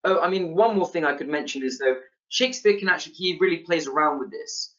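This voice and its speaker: A man teaching a casual literature lesson, relaxed, with many fillers and restarts. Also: a little high, fast talker. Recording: slightly dull lo-fi sound.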